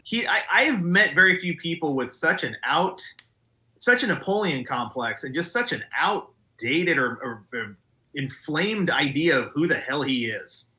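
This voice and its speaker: A man's voice: on the high side, expressive, a little slow, pushed and bright, rough recording. A man hosting a casual podcast who is blunt and swears, and who mostly answers with short reactions. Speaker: podcast host. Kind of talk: casual chat.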